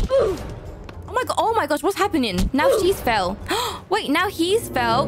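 A young woman giving playful, excitable commentary while playing a hospital role-play game, chatting and exclaiming often. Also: high voice, moderate pace, music in the background. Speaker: gaming YouTuber.

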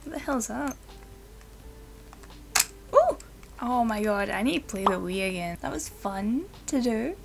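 Excitable giggly woman gamer. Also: fairly high pitch, unhurried, creaky, pauses often, loud music behind the voice. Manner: excitable, giggly, swears casually. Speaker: let's play gamer. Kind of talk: casual gameplay commentary.

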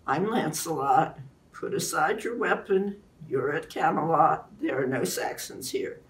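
A woman reading aloud and voicing a steady woman warrior who speaks calmly and earnestly. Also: deep voice, unhurried, far from the mic. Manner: calm, earnest.

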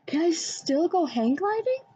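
A woman voicing an eager, excitable boy. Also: extremely high pitch, a little slow, pitched above the performer's own voice, heavily acted. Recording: dull lo-fi recording.

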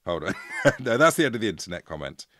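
Deep-voiced man telling a story. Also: fast, no room sound. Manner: playful, jokey, lively retelling. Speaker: podcast co-host and storyteller. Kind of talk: casual comedic storytelling chat.

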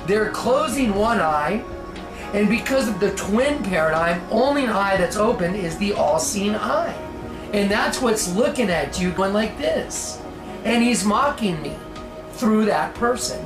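A man telling a personal story in an animated way, acting out quotes and shouts. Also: sits high, normal speed. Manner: animated, mimics voices and shouts. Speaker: speaker in a video. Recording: roomy with music underneath.

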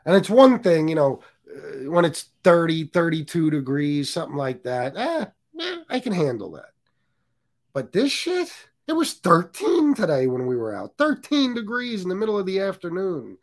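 A man's voice: on the high side, big pitch swings, moderate pace. A man hosting a casual livestream, joking, cursing, and reading viewer comments aloud. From US Northeast. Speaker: livestream host.

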